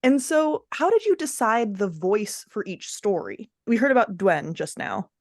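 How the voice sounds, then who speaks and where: A woman's voice: medium pitch, big pitch swings, unhurried, darkish tone. A woman hosting a podcast interview, asking a guest author questions. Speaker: podcast host.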